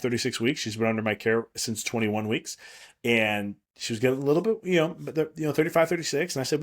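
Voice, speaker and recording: Low-voiced reassuring male podcast host. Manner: rambling, reassuring, frequent restarts and fillers. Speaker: podcast host and prenatal chiropractor. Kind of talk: solo podcast monologue.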